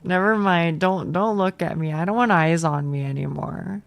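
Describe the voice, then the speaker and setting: Young woman streamer, low gravelly fry, talks slow and stammery, dry close mic. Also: no room sound. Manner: self-deprecating, stammering restarts, swears casually. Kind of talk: casual gaming stream chat.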